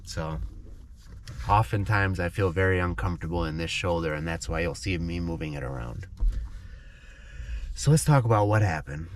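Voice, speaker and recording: Low-voiced man teaching English with a cold. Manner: slow, clear, explains vocabulary, checks in with "okay?". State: congested nose from a cold. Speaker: English teacher, channel host. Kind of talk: clear intermediate English storytelling lesson.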